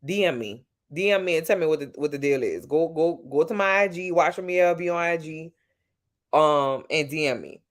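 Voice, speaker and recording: Speaking at a normal speed in a low, animated voice, a woman with a Louisiana accent chats with viewers on a live stream. It's nighttime at home, and she answers their messages in a sassy, playful way, talking directly to them.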